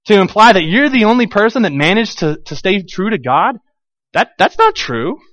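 Animated male pastor, dry dull sound. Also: high-pitched, moderate pace, dry recording. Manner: animated, acts out quoted voices, many restarts. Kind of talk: conversational sermon.

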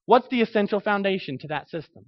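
A man's voice: sits high, lively intonation, fast, lo-fi sound. A man preaching a conversational sermon, asking his listeners questions and answering them. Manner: conversational, asks the audience questions. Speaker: pastor.

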